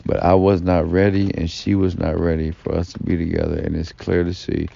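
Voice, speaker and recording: A man's voice: deep voice, little pitch movement, brisk, creaky, dark tone, slight background noise. A man telling a long personal story in a rambling, profane vlog monologue, full of fillers and asides. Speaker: vlogger. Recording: dull lo-fi recording.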